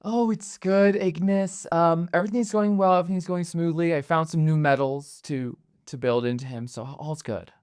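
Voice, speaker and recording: A man's voice: a little high, steady tone, normal speed, few pauses, darkish tone, clear, resonant tone, no room sound, studio quality, natural voice. A man voicing a young woman inventor who is eager and loyal, talking hesitantly with lots of fillers. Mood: cheerful.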